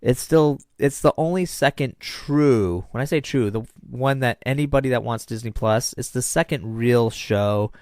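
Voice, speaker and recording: A podcast co-host rants with strong opinions in casual chat. His mid-range voice moves at a moderate pace with hardly any pauses and is a little mellow. The studio sound is clean, with no room sound.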